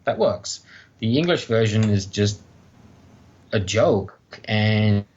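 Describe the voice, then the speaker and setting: A man in his thirties, a guest author chatting casually on a podcast, animated and enthusiastic as he tells stories. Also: fairly low pitch, slow pace, highs cut off. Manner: enthusiastic, animated storytelling with mock exclamations.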